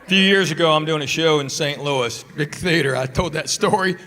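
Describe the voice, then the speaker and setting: A middle-aged man from Tennessee doing a stand-up comedy set, telling stories and acting out quick quotes from his family. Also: fairly high pitch, sharp tone, a little hiss or hum. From Tennessee, USA. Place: theater stage before a live audience. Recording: live show with audience laughter. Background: audience laughter.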